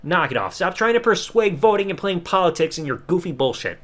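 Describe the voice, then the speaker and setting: A man's voice: sits high, big pitch swings, brisk, fairly bright tone. A man hosting a podcast, giving a sarcastic, casual episode review and swearing freely. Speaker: podcast host.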